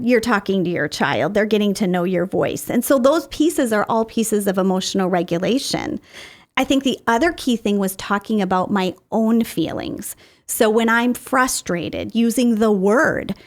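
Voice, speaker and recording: A middle-aged woman talks as a counseling guest on a podcast, fairly high-pitched for a woman. She walks through her points with homely examples from family life, in a patient, explanatory way. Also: animated, moderate pace. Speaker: guest therapist. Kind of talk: podcast interview.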